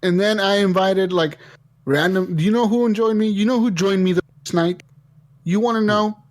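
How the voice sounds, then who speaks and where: A man hosting a casual gaming podcast, telling stories in an animated way and swearing a lot. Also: sits high, normal speed, no echo. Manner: animated storytelling, heavy swearing. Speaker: podcast host.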